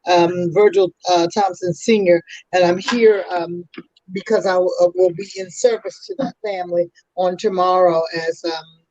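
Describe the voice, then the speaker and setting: A woman's voice: fairly low pitch, normal speed, dry recording. Older woman with a New York accent; chatty storyteller, dry, dull remote audio. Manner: chatty storyteller, lively asides. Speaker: guest. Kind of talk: casual interview chat.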